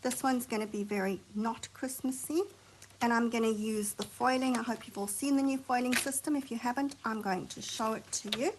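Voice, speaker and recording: A woman hosting a craft tutorial, chatting and thinking aloud as she works, sometimes dropping to a soft near-whisper while she concentrates. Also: fairly high pitch, fairly even intonation, fairly quick, background noise. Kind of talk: chatty hands-on craft demonstration.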